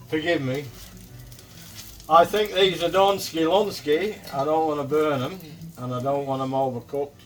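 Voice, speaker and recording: A man's voice: fairly high pitch, fairly even intonation, a little slow, soft background music. An older man with a Manchester accent, chatting casually and swearing lightly while he cooks on a griddle. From England. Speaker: cooking vlogger. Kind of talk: casual chat while cooking.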